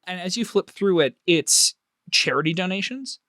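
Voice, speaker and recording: A game master narrates a tabletop adventure with animated storytelling. His pitch rises and falls a great deal as he describes scenes. The recording is dry and close. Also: normal speed, no echo.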